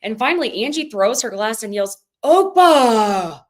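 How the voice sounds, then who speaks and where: A woman's voice: a little high, fairly quick. A woman co-hosting a podcast, chatting casually and animatedly as she recaps a reality show. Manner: chatty, animated, quotes others in put-on voices. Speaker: podcast co-host.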